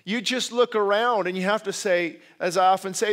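A man's voice: high-pitched, normal speed, hardly any pauses. A man preaching a sermon, emphatic and repeating key words, with conversational asides and self-corrections. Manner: emphatic, repeats key words, grows louder when stressing points. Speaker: pastor.

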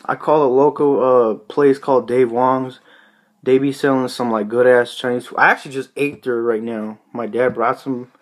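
A man's voice: mid-range voice, steady tone, moderate pace. A young man in his late teens talking casually to camera in a rambling, profane way, full of "you know" fillers. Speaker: vlogger. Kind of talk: casual rambling vlog talk.

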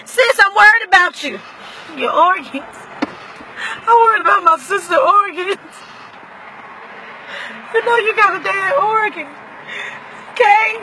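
A performer playing a brash woman behind the wheel, her very high voice swooping widely from gossip to shouting. She is loud and theatrical, and road noise hums clearly behind her in the car. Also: lively intonation, measured pace, pauses often, heavily acted, poor audio. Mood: lecturing. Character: brash dramatic woman driving her sister.

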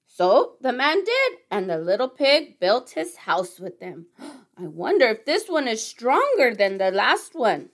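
A woman teacher reading a children's storybook aloud, expressive and asking little questions along the way. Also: on the high side, takes it slowly. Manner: expressive, gasping with surprise, asks questions.

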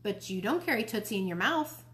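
A woman reading a storybook aloud, voicing a small mischievous boy who is jealous of his baby sister in a high, childlike, whiny voice. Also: animated, fairly quick, a bit bright, natural voice.

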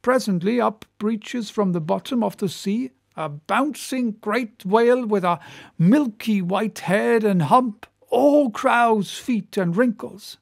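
A man's voice: high voice, slow, vocal fry, dry recording, studio quality, heavily acted. A man voicing a good-humoured, chatty one-armed ship captain who tells a long yarn, in an audiobook reading. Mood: storytelling.

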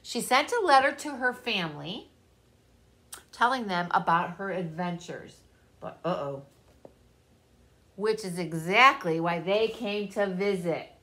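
Slow, animated woman reading to kids. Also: medium pitch. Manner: animated, talks directly to children. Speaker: storyteller reading to children. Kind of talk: children's read-aloud.

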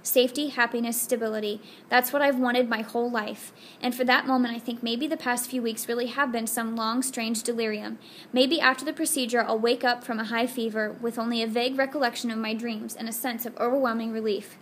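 A woman's voice: on the high side, steady tone, fairly quick, fairly bright tone, slight background noise. A woman reading a first-person audiobook in an earnest, intimate storytelling manner. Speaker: audiobook narrator. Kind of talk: scripted first-person narration.

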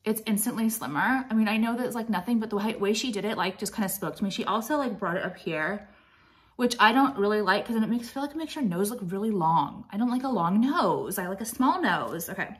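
A woman in her late thirties talks through her makeup routine in a blunt, rambling, foul-mouthed way. She sounds a little out of breath as she goes. Her voice sits at an ordinary middle pitch for a woman. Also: animated, fast talker. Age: late 30s. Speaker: beauty vlogger. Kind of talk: casual makeup tutorial chat.

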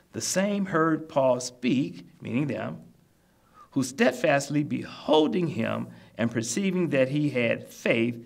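Gravelly-voiced man preaching a sermon. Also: medium pitch. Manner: repetitive, exhorting, explains scripture in plain terms. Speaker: minister.

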